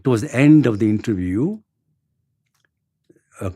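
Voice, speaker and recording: A man in his sixties with an Indian accent, telling a story in an interview in a halting way, repeating words and chuckling. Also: medium pitch, expressive, dark tone, breathy edge, no room sound. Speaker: interview guest.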